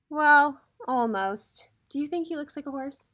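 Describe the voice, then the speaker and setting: A teacher reads a picture book aloud to young children and keeps turning to talk with them. Her voice is high and very animated, rising and falling as she tells the story. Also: unhurried, few pauses. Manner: animated storybook reading, addressing kids directly.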